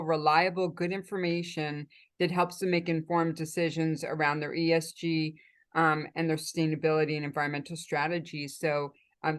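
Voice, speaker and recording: A woman moderating a webinar panel, summarizing points and handing over questions. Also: deep voice.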